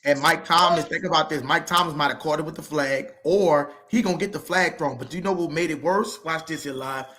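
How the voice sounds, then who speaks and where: A man co-hosting a casual sports podcast, talking in an animated, heated and profane way. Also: fairly high pitch, a little fast, few pauses. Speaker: podcast co-host.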